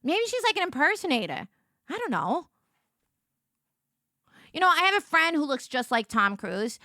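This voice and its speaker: A young woman streamer chats her way through a story, tripping over restarts and fillers. Her voice sits high and swings widely, bright and sharp-edged. The sound is dry and close. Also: normal speed, dry recording. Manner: chatty, rambling, many restarts and "like"s; animated, jumps into high voices for quotes. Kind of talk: casual storytelling chat to a stream.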